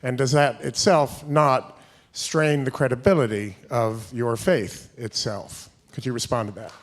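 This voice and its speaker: Audience member, male, mid-pitched, careful and measured question from the floor of a hall. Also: steady tone. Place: large auditorium.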